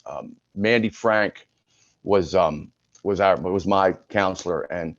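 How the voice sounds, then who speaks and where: A man in his sixties speaks frankly and conversationally as a podcast guest, retelling his past with plenty of restarts. His voice sits at an ordinary pitch. The recording is dry and a little dull and lo-fi. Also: slow pace, dry recording. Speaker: podcast guest, retired sports broadcaster. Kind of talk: candid personal storytelling.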